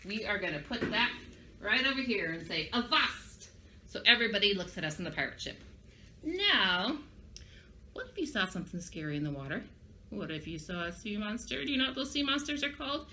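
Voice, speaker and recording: A woman's voice: mid-range voice, big pitch swings, fairly quick, sharp tone, slight background noise. A woman leading a children's lesson in an upbeat, sing-song way, asking young listeners to repeat words after her. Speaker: children's library presenter. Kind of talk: children's craft and vocabulary lesson.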